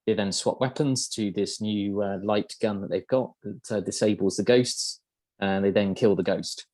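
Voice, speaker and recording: A man's voice: on the low side, steady tone, moderate pace, a little mellow, dry recording. A man hosting a podcast, explaining game lore in casual chat, hesitant and full of ums and uhs. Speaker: podcast host.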